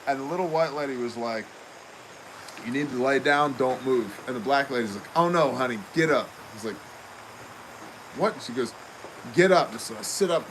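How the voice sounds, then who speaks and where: A man's voice: medium pitch, normal speed, long pauses, slight background noise, rough recording. A man co-hosting a casual show, telling a story with lots of laughter and acted-out quotes. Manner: animated storyteller acting out quoted voices, laughing often. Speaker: co-host.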